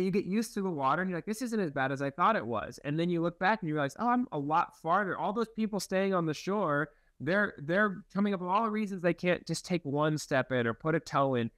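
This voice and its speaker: A young man, a guest in an interview, telling stories in a relaxed, rambling and self-deprecating way, laughing now and then. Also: on the high side, no room sound. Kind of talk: casual interview storytelling.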